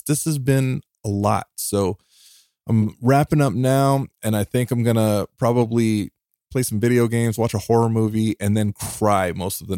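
A man hosting a podcast alone, talking in an earnest, heartfelt way, emotional and near tears, often restarting and laughing softly. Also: mid-range voice, no room sound, studio quality. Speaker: podcast host. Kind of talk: reflective solo podcast monologue.

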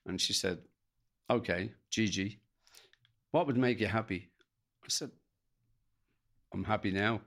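A middle-aged Irish man, a podcast guest, telling an emotional personal story in a halting way, acting out what others said to him. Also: lowish voice, fairly bright tone. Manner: gravelly, halting, retells dialogue in quotes.

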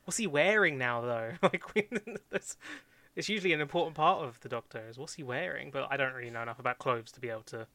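A man co-hosting a podcast in casual chat, quick and animated, laughing often. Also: medium pitch, no echo. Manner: fast, laughing, animated storytelling. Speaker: podcast co-host.

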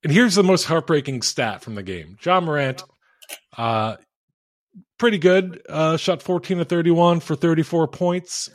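A man co-hosting a casual podcast, relaxed and easygoing, reading off stats and laughing easily. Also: fairly high pitch, a little slow. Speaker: podcast co-host. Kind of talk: casual chat.

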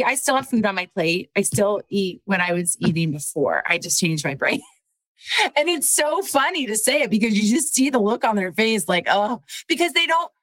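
Woman, panel guest, relaxed, laughs easily, dry close sound. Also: mid-range voice, normal speed, dry recording. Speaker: panel guest, coaching client. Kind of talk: casual panel podcast chat.

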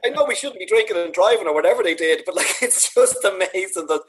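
A man's voice: high-pitched, fast talker, slightly rough, poor audio. A man from Ireland with a Dublin accent, telling funny stories about his dad in a casual chat. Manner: animated, laughing, swearing. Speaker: podcast guest, author. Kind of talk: casual storytelling.

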